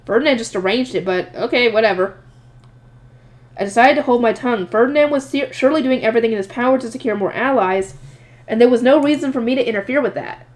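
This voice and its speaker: Fast, lively woman reading a novel aloud. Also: fairly high pitch. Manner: lively, expressive reading with voiced asides. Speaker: audiobook reader. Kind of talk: reading a light novel aloud, first-person narration.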